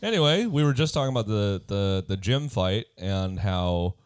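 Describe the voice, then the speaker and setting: Relaxed man with a smooth low voice. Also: normal speed, no room sound, clean studio sound. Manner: relaxed, loose, lots of fillers and laughs. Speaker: podcast co-host. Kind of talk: casual chat recapping a reality show.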